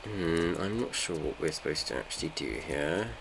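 A man's voice: deep voice, lively intonation, moderate pace, gravelly, a little hiss or hum. A man, chatting and joking with his viewers while playing a game. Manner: joking, bantering with chat. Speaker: streamer. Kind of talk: casual live gameplay chat.

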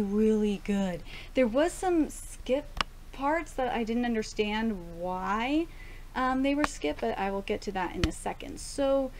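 A young woman casually reviewing an anime episode, gushing and excitable, swearing now and then. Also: a little high, background noise.

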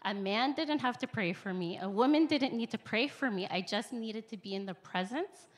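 A woman's voice: a little high, expressive, moderate pace. A woman giving an earnest, emotional personal testimony at the front of a church, rambling at times and speeding up in bursts. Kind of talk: personal testimony before a congregation. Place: church sanctuary, speaking at the front.

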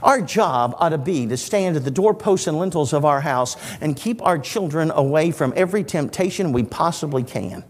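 High-voiced man in his sixties preaching. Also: moderate pace, few pauses, big-room sound. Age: 60s. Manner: animated storytelling preacher with dry humor. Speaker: evangelist. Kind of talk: sermon. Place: church auditorium.

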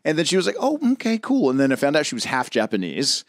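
A young man co-hosting a podcast, rambling through a story with lots of fillers and squeaky impressions of other people. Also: sing-song, racing, a bit bright, dry recording, studio quality. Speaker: podcast co-host. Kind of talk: casual chat.

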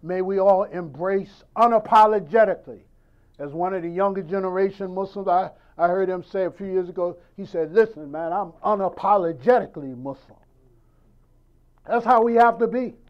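A man's voice: sits high, normal speed, lo-fi sound. A man preaching a sermon in a conversational style, acting out dialogues and firing rhetorical questions.

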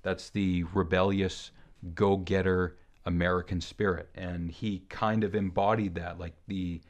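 A man co-hosting a film review podcast, talking things through in a relaxed, musing way. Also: low-pitched, unhurried, muffled recording. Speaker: podcast co-host. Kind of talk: casual film review chat.

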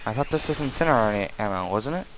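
A man giving casual let's-play commentary, muttering asides and then yelling loud bursts at the enemies he fights. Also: fairly low pitch, lively intonation, quick pace. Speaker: gameplay commentator. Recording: faint game noise behind.

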